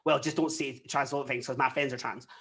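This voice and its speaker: A young adult guest with a Scottish accent, telling personal stories candidly in a casual interview, often quoting themselves and others. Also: male voice, medium pitch, fast talker. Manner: candid, animated storytelling with frequent quoted asides.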